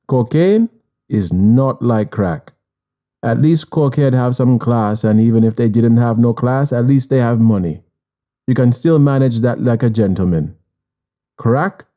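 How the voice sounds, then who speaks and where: A man with a Jamaican accent reading an audiobook in a measured, menacing patois. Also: mid-range voice, mellow. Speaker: audiobook narrator.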